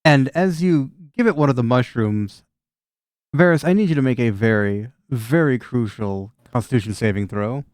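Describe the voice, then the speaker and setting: A man's voice: mid-range voice, moderate pace, a little mellow, smooth, dry recording, clean studio sound. A man narrating a tabletop game as game master, casual and joking, with lots of swearing and fillers. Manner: casual, laughing, swears often, many fillers.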